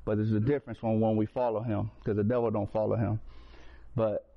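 A man's voice: fairly low pitch, level tone, fairly quick. Earnest man telling a slangy personal testimony. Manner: earnest, street slang, frequent restarts and fillers. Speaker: person sharing a faith testimony. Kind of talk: personal testimony, casual storytelling. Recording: slightly dull lo-fi recording.

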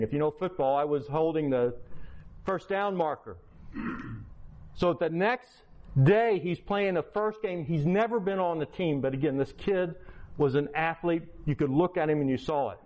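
A man, a teacher, tells a personal testimony as a preacher, in an animated, conversational way and acting out quotes, in a slightly dull lo-fi recording. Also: fairly high pitch, normal speed. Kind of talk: testimony storytelling to a congregation.

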